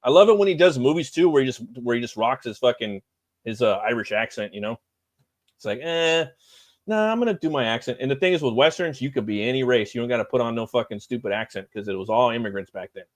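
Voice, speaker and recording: A man's voice: mid-range voice, fast talker, dry recording. A middle-aged man hosting a live stream, chatting loosely and profanely with lots of fillers. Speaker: livestream host. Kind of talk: casual live-stream chat.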